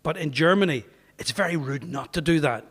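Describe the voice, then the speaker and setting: Man, Northern Irish accent, pastor, anecdotal storytelling, slightly high voice, long hall echo. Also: brisk, a bit bright, slightly rough. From Northern Ireland. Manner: anecdotal, chatty, acts out quoted voices. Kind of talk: humorous storytelling talk to an audience. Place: parish hall. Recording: reverberant parish hall.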